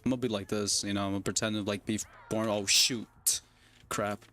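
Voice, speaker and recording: A man's voice: fairly low pitch, little pitch movement, fast. A young man streaming a game, rambling and joking to himself and to his opponent. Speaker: gaming streamer. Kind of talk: casual livestream commentary.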